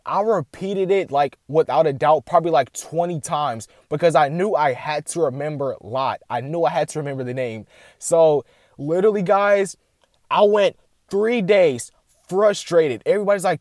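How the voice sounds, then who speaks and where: A young man chatting casually to camera and recounting a dream, rambling with lots of filler words and animated bursts. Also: on the high side, moderate pace, no echo, studio quality. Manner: rambling, heavy "like" filler, addresses "guys"; excited and animated retelling. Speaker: vlogger sharing a dream.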